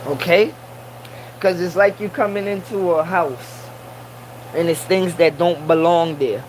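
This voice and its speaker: A man's voice: sits high, fairly even intonation, a little slow, darkish tone, slight background noise, rough recording. A man in a casual monologue who preaches and repeats his points for emphasis, using Rasta slang and Caribbean English grammar.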